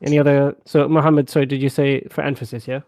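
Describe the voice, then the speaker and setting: A man's voice: mid-range voice, level tone, fast talker, darkish tone, no echo. A man teaching a casual live language class, chatty and often checking that students follow. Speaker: Arabic teacher.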